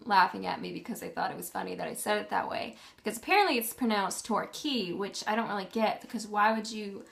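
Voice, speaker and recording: A woman's voice: medium pitch, fast, vocal fry, fairly bright tone. A young woman vlogging in a casual, rambling way, full of ums and self-corrections. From Canada. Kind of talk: casual chat.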